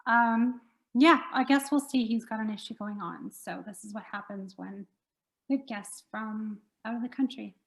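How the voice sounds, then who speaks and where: Brief: woman host, relaxed chatty delivery, slightly high voice, laughs a lot. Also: normal speed, vocal fry, poor audio. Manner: easygoing, laughs often. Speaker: radio show host. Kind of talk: casual interview.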